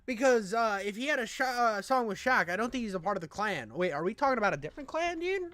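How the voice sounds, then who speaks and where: A man's voice: high voice, sing-song, quick pace, pushed and bright. A young man giving crude, joking reaction commentary as co-host. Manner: crude, joking, says dude a lot.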